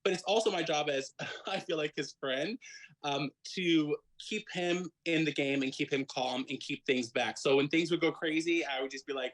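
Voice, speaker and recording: A man's voice: fairly high pitch, normal speed, a bit bright, low-quality recording. Rambling man telling an actor's story. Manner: rambling, full of restarts and fillers. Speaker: actor and guest. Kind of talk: casual interview chat.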